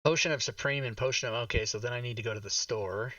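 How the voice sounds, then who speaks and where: A man's voice: medium pitch, quick pace, bright, forceful tone, no room sound, far from the mic. A man hosting a live tabletop game stream, talking to himself while fixing his setup and swearing under his breath. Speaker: game master. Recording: dull lo-fi mic, slightly off-mic.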